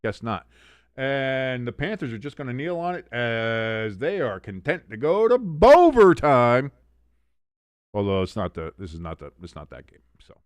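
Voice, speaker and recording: A man's voice: medium pitch, lively intonation, moderate pace, dry recording. A man hosting a casual live sports watch-along, chatty, with sarcastic, mocking asides.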